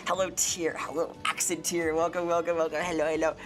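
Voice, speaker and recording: A woman streaming casually, greeting chat by name with bubbly, pun-filled talk that leaps up in pitch on her hellos. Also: flat delivery, a little fast, faint music behind. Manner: bubbly, punny, swoops up on greetings.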